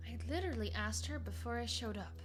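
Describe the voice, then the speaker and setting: A woman's voice: on the high side, animated, fast, faint music behind. A woman player in a tabletop game, chatty and self-deprecating while feeling sick and foggy. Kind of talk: casual tabletop role-play.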